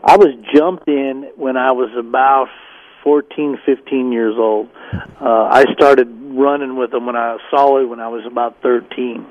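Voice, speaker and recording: A man's voice: medium pitch, fairly even intonation, unhurried, dry recording. A man from the Denver area, a guest telling his life story and acting out the people he quotes. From Denver area, Colorado. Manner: storytelling, acts out quoted voices. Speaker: guest, former gang member. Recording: tinny phone line.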